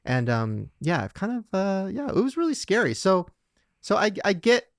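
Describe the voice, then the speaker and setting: A man's voice: high-pitched, wildly swooping pitch, moderate pace, no room sound, clean studio sound. A young man hosting a podcast, telling a story in casual chat and laughing often. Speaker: podcast host.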